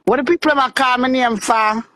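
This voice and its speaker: A woman's voice: sits high, brisk, sharp tone, dry recording. A woman with a Jamaican accent calling into a live stream, anxious and insistent, repeating herself. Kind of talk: agitated live-stream call.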